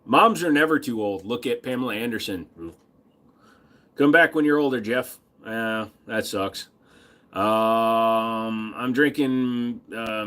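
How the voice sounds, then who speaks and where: A man chats casually on his livestream, talking back to viewers with crude, profane jokes. His voice sits at an ordinary middle pitch. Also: slow pace, fairly bright tone. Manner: crude, profane banter with chat. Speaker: livestream host.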